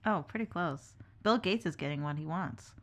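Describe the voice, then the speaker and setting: A young woman chatting casually on a podcast, answering in quick agreeable remarks and jokes. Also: low-pitched, expressive. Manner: quick agreeable replies, joking.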